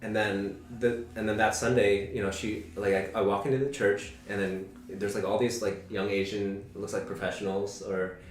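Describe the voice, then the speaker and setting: A man's voice: on the low side, level tone, moderate pace, few pauses. A man in his twenties hosting a casual group conversation, telling a personal story in a rambling way, full of "like" fillers. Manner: rambling, heavy use of "like" fillers. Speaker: podcast host. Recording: roomy echo.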